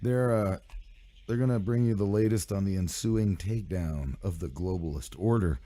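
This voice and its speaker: Low dark-voiced sick guy hosting a live radio stream, rambly and swearing, dry sound. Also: moderate pace, no room sound. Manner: loose, rambling, profane banter. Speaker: radio show host.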